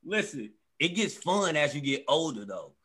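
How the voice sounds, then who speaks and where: A high, bright-voiced man hosts a comedy show, swearing freely and acting out his household in animated stories. His delivery is loud and lively. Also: moderate pace, breathy edge. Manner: profane, animated storytelling that acts out family members. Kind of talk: stand-up storytelling. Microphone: live stream.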